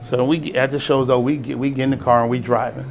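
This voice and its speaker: A middle-aged man from East Oakland telling a personal story in a casual, animated way, acting out the voices of people he quotes and chuckling often. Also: medium pitch, rapid-fire, creaky, slight background noise. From East Oakland, California. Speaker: storyteller and spirits brand founder.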